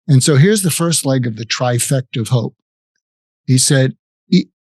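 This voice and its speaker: Older man, interview guest, reflective, halting, mid pitch, dry sound. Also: darkish tone, no echo. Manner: reflective, halting with restarts and quoted dialogue. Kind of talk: personal storytelling in an interview.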